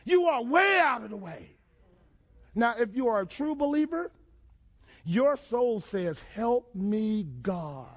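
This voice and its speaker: Man, very high voice, pastor, sermon, call-and-response, shouting peaks. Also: very animated, measured pace, pauses often. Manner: preaching with call-and-response questions and rising shouts.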